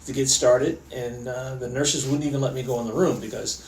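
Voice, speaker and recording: A middle-aged man, an orthopaedic surgeon, tells stories in a relaxed way, with many fillers and restarts. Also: medium pitch, fairly quick, roomy sound, distant mic, slight background noise, low-quality recording. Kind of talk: conversational storytelling interview.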